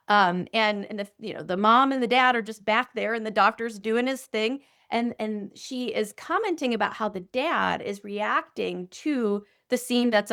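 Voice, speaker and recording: A woman speaking as a doctor guest on a podcast, telling a story in an animated, conversational way with frequent filler phrases. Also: on the high side. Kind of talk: conversational interview.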